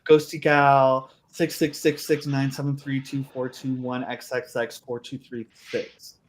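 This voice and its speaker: A woman's voice: rumbling low, level tone, measured pace, slight background noise. A woman voicing a bubbly, chatty female ghost who works as a hotel concierge in a tabletop game. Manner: gushing, eager, playful. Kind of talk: tabletop role-play voice.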